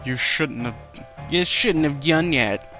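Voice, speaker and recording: Give it the whine of a petulant young killer, as a man puts on a raised, strained voice that often shouts. Whiny and childish in a fan-fiction reading, with faint music under it. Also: a little high, slow pace.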